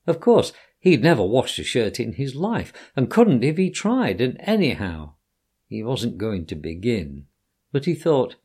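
Expressive man reading a children's story. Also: lowish voice, unhurried, husky.

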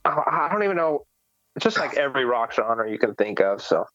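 A man's voice: mid-range voice, sing-song, a little fast, a bit bright, no room sound. A man hosting a podcast in casual chat, laid-back and rambling, full of fillers. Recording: dull lo-fi sound.

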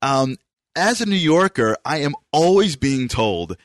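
A man's voice: medium pitch, normal speed, no room sound, studio quality. A man with a New York accent hosting a radio interview show, emphatic and enthusiastic in his delivery.

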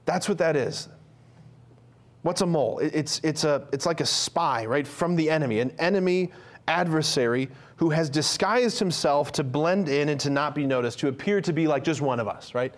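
A man's voice: fairly high pitch, normal speed. A man giving an earnest, conversational sermon to men, with frequent fillers and restarts.

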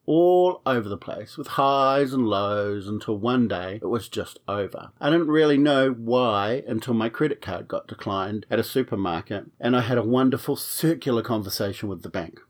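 A man's voice: medium pitch, expressive, moderate pace, hardly any pauses. A man telling a comic personal story on his podcast, frank and wry, swearing freely.

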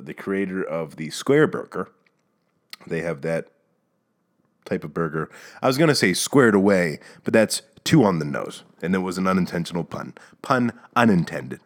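A man hosting his own podcast, ranting casually and sarcastically with stammered restarts and bursts of mock outrage. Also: low voice. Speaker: podcast host. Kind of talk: casual solo rant.

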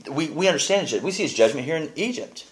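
Male Bible teacher, casual and animated, lively swinging pitch. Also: fast. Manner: animated, restarts often, reads scripture aloud.

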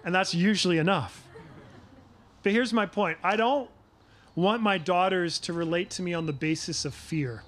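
The speaker is a middle-aged pastor delivering a sermon, his voice fairly high and a bit bright. He talks earnestly and steadily, stopping to let key phrases land and posing questions to those listening.

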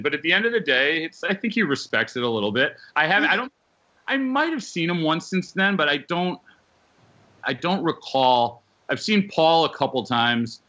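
A man's voice: fairly high pitch, pushed and bright, muffled recording. A man guesting on a podcast, a former magazine editor and band manager, telling stories bluntly and emphatically with many restarts. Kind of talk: casual storytelling chat.

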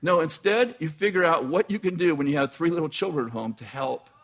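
A man's voice: fairly high pitch, brisk. A middle-aged man preaching a storytelling sermon, talking conversationally and often restarting his phrases. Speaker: pastor.

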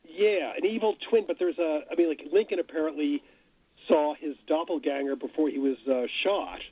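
Brief: husky, slightly high male guest, hesitant, thin phone-like dry sound. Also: moderate pace. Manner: hesitant, thinking aloud. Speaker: studio guest. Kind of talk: casual radio chat.

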